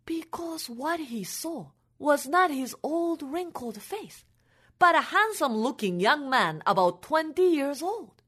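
A woman telling a folk tale for families in an expressive, animated way. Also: high voice, measured pace. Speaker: storyteller.

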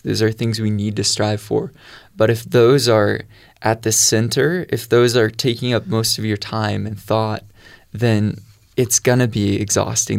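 Earnest man with a gravelly voice. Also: lowish voice, no echo, clean studio sound. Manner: earnest storytelling, quotes his own prayers. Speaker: guest sharing testimony. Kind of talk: personal faith testimony.

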